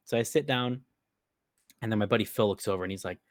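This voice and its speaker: In studio-quality audio with no room sound, a podcast co-host with an Upper Midwest American accent spins a long, rambling prank story. His medium-pitched voice is brisk yet pauses often, and he swears freely and laughs while telling it.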